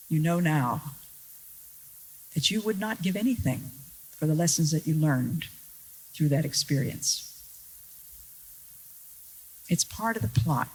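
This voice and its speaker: A woman preaching a sermon to an audience, earnest and deliberate, with wry rhetorical questions and stressed key words. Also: deep voice, slightly rough, low-quality recording. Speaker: Christian speaker.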